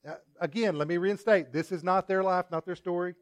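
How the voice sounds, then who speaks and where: Preaching in a relaxed, story-driven style, this male pastor talks a little fast in a high-sitting voice. He throws in asides to the congregation and alternates loud emphasis with quieter comments.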